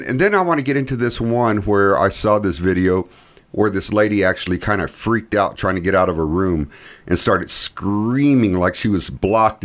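A man hosting a talk show who asks the guest long, rambling, enthusiastic questions. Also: fairly low pitch. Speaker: host.

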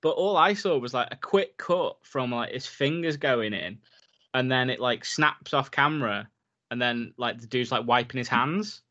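A man's voice: medium pitch, normal speed, pushed and bright, lo-fi sound. A man, casually chatting about films as a podcast co-host, rambling with lots of fillers and reading facts aloud. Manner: laid-back, rambling with many "like"s, reads facts aloud. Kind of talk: casual film chat.

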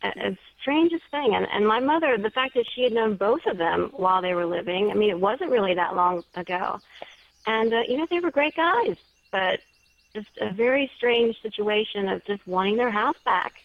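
A woman's voice: medium pitch, animated, moderate pace. A woman guest on an interview show, telling a personal story in a chatty way with small restarts. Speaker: guest, paranormal story writer. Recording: dry, slightly dull lo-fi sound.

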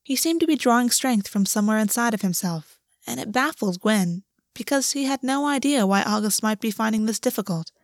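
A woman narrating a story aloud in a steady, even reading voice. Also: fairly high pitch, fairly quick, hardly any pauses, dry recording, studio quality. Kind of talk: audiobook reading.

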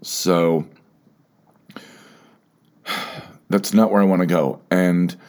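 A man with a very low voice hosts a solo podcast, speaking haltingly and often starting over or repeating himself. He sounds emotional and close to tears as he thinks aloud. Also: fairly even intonation, darkish tone. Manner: halting, repeats words, fillers, openly emotional. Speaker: podcast host.

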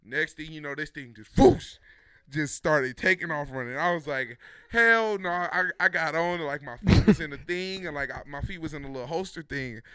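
A young man telling a story in casual chat, animated and laughing, acting out what people said. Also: on the high side, brisk, few pauses, clean tone, no room sound, studio quality.

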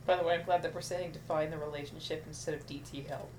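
A woman co-hosting a casual pop-culture chat, quick and teasing with playful jabs. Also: sits low, steady tone, noisy background. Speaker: podcast co-host.

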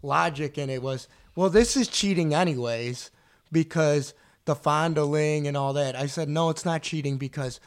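A man's voice: on the high side, normal speed. A man co-hosting a podcast, blunt and crude in his opinions. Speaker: podcast co-host. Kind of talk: casual profane chat.

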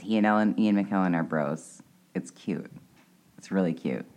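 A woman's voice: a bass voice, normal speed, a little mellow. A woman co-hosting a podcast in casual chat, laid-back and often trailing off. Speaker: podcast co-host.

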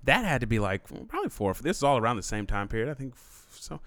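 A man's voice: medium pitch, quick pace, no room sound. A man co-hosting a podcast, telling stories in a casual chat, with lots of fillers and swearing. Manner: animated storyteller, swearing, frequent fillers. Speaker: podcast co-host.

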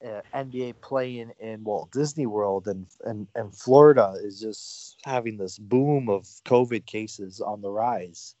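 A man hosting a podcast in casual sports chat, halting with many fillers and restarts. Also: lowish voice, mellow, no echo, lo-fi sound. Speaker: podcast host.

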